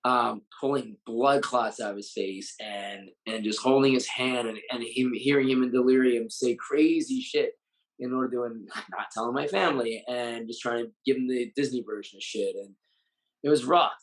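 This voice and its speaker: A man's voice: medium pitch, normal speed, rough recording. A Muay Thai fighter and coach, a man, speaking bluntly and with raw emotion in a candid interview, swearing freely. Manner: blunt, heavily profane, openly emotional.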